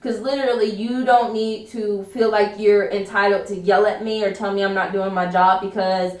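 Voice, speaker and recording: A woman's voice: mid-range voice, level tone, moderate pace. Storytime vlogger, woman, chatty, heard from back off the mic in an echoey room. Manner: chatty retelling full of "like". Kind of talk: storytime vlog. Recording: roomy, distant from mic.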